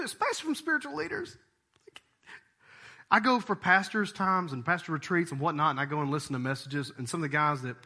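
A man preaching a sermon, animated, acting out little voices and jumping up in pitch as he makes a point. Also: husky. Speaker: pastor.

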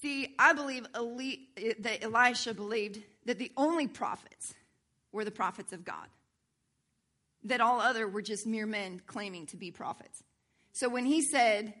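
A woman's voice: a little high, moderate pace. A woman worship pastor preaching, reading scripture aloud and explaining it, checking in with her listeners as she goes. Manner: animated, asks the congregation for agreement.

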